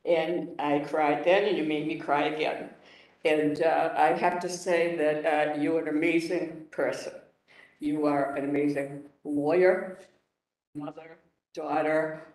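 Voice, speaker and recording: A man speaking as a councilor at a hearing, emotional and halting, rambling with restarts. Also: fairly high pitch, flat delivery, a little mellow. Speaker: city councilor. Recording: echoey room, off-mic.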